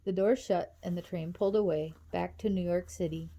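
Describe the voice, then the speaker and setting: A woman reading a novel aloud in a steady, even storytelling manner. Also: lowish voice, normal speed. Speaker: audiobook reader.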